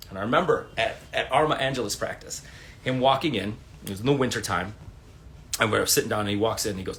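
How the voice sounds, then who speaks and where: A man's voice: fairly low pitch, brisk, creaky, a little hiss or hum. A man in his forties talking casually at home on a livestream, rambling and swearing as he tells stories. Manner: rambling, profane, animated storytelling. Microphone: phone.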